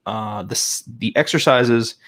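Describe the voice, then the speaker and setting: A man's voice: medium pitch, measured pace, fairly bright tone. A man hosting a casual live stream, chatting and thinking aloud as he tries an app and repeats practice phrases. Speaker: language-learning channel host.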